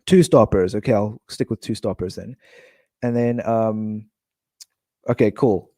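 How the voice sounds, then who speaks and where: A man from South Africa chatting casually on a live stream, thinking out loud and reading viewers' comments aloud. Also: lowish voice, unhurried, dry recording, studio quality.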